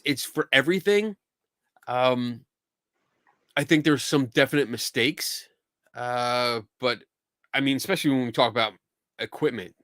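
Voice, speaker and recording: A man with a Philadelphia accent hosting a casual live show, chatty and quick to laugh and swear. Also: medium pitch, pushed and bright, no echo, clean studio sound. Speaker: podcast host. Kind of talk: casual livestream chat.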